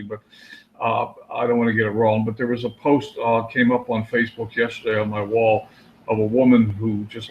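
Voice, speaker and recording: A man of middle pitch co-hosting a live stream, rambling and full of fillers. The audio is dull and lo-fi. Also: slight background noise. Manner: warm, rambling, with many fillers. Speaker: co-host of a daily live show. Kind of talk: casual live-stream chat.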